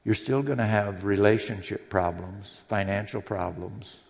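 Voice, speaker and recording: A long hall reverb surrounds a man preaching in a church sanctuary, reading scripture in an earnest, personal sermon. He speaks a little slowly in a lowish, slightly mellow voice with vocal fry.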